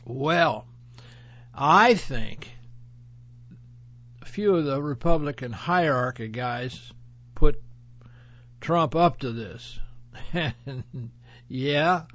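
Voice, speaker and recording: A man's voice: medium pitch, no room sound. Man, radio host, folksy, chuckling, rambling talk, dull lo-fi sound. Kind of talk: rambling casual monologue. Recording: dull lo-fi audio.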